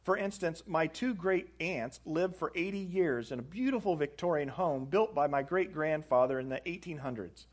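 A man's voice: a little high, moderate pace, few pauses. A man preaching a sermon, reading aloud from a book and stressing phrases with rising emphasis. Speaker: pastor. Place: church sanctuary.

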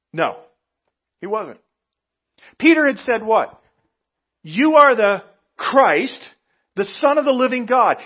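On dull-sounding audio, a high-pitched man delivers a pastor's sermon with emphasis and animation. Loud outbursts erupt suddenly, alternating with slow, drawn-out phrases.

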